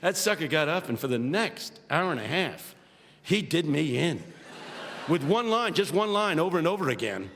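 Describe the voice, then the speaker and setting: High, lively preacher in a hall. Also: male voice, moderate pace, vocal fry. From United States, Philadelphia. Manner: animated, comic delivery building to shouted preaching. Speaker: preacher and guest speaker. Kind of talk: humorous storytelling sermon. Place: large hall with a live audience. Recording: reverberant hall, faint ambience.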